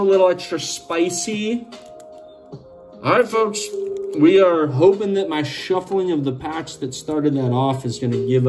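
A man's voice: a little high, a little mellow. A man with a Boston accent hosting a sports card channel, chatting and joking with viewers while opening packs. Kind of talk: casual pack-opening commentary.

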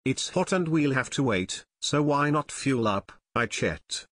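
Male reader doing an impulsive teen sleuth, lively and eager. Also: mid-range voice, measured pace, dry recording, studio quality. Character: eager impulsive teenage boy detective.

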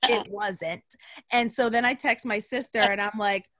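A woman's voice: medium pitch, moderate pace, no echo, clean studio sound. A woman guest telling a story on a video call, acting out the dialogue. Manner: animated, acts out quoted dialogue.

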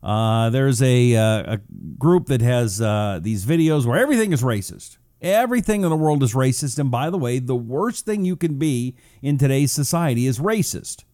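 A radio talk show host from Washington State speaks in a mid-range, animated, mellow voice at normal speed, recorded clean and dry in a studio. He chats loosely, greets listeners, reads out audience messages and draws out words for effect.

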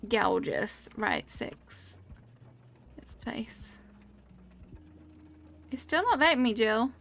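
A woman's voice: fairly high pitch, animated, a little slow, gravelly, a bit bright, a little hiss or hum. A young woman streaming a cozy game, chatting casually and reacting aloud to what happens on screen while answering her chat.

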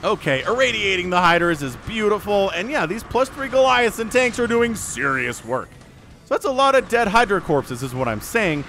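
A man's voice: high-pitched, sing-song, normal speed, pushed and bright, soft background music. A man casting a strategy video game on his own, chatty and full of joking asides. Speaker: game shoutcaster. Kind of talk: casual solo game commentary.

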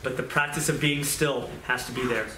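A man's voice: medium pitch, steady tone, normal speed, noisy background. A man giving an informal sermon in a conversational way, repeating phrases and restarting sentences as he goes. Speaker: pastor. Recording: roomy echo.

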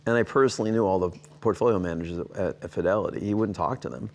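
A man in his sixties, an interview guest, telling business stories and acting out the dialogue with big jumps in his voice. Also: fast talker. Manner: animated anecdotes, acting out quoted dialogue with big jumps in pitch. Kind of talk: storytelling in a sit-down interview.

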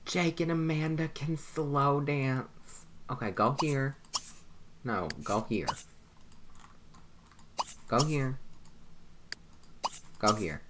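Loud game music and a noisy background surround this young adult gameplay commentator as she chats about her life-sim game, laughing a lot and cursing without restraint. She speaks in a bass voice, extremely slowly, leaving long pauses.

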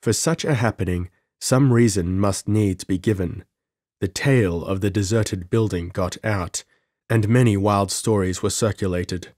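Low voiced guy reading an audiobook, measured and dramatic, dry close mic. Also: darkish tone, dry recording. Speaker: audiobook narrator. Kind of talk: scripted narration.

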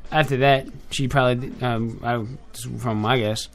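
Unhurried and a bit bright, a young man's medium-pitched voice keeps fairly even intonation as he hosts a casual online radio show. He rambles off the cuff with filler and repeated self-corrections, talking chattily and directly to listeners via headphones and a desk mic.

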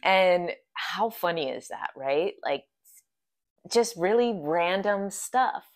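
A woman vlogger tells a story casually, rambling with lots of "like" fillers. Her voice sits a touch low for a woman. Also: lively intonation, takes it slowly. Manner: chatty, full of "like" fillers.

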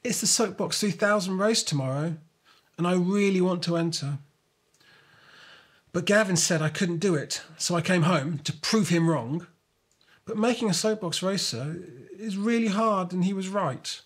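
A man voicing a determined, eager young girl in a storybook reading, lifting his voice high and excited. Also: moderate pace, breathy edge. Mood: upset. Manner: excited, high-pitched girlish delivery.

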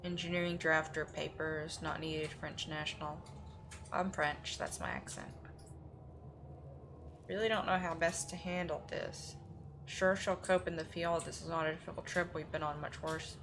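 A woman's voice: sits low, level tone, normal speed, noisy background. A woman streaming a horror game live, reading notes aloud and reacting with sudden exclamations.

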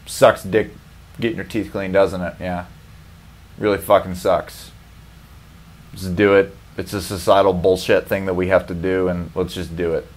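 A man's voice: low-pitched, little pitch movement, normal speed. A man hosting a comedy podcast, ranting in a profane, rambling way and laughing often. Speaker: podcast host. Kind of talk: casual comedic rant.

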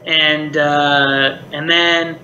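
Middle-aged male puppeteer, casual reflective interview talk, slightly high, roomy recording with faint hiss. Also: flat delivery, very slow, pushed and bright, lo-fi sound. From Maryland, United States. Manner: chatty, reflective, lots of "like" and "you know". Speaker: puppeteer and voice actor, guest.

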